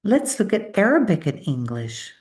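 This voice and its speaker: A woman's voice: mid-range voice, big pitch swings, moderate pace, a little mellow. A middle-aged woman whose first language is Spanish gives a conference presentation, demonstrating speech sounds aloud and coaxing listeners to repeat them. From Spanish-speaking.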